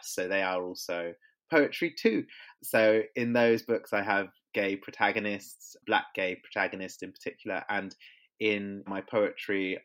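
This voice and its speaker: Man, poet being interviewed, low voice, measured and reflective. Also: fairly bright tone. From England. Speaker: poet and author. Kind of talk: interview answers.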